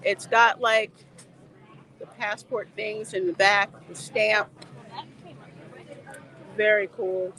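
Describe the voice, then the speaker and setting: A woman talks casually into her phone while livestreaming outdoors at a theme park. Her voice is bright and lively, and she laughs often as she reads viewer comments aloud. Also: medium pitch, slow, pauses often. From Louisiana.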